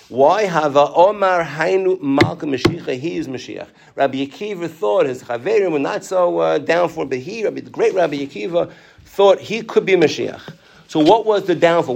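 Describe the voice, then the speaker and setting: A man teaching a Torah class, reading out Hebrew and Aramaic sources, restarting phrases and asking the class animated questions. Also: a little high, gravelly. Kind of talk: Talmud class lecture.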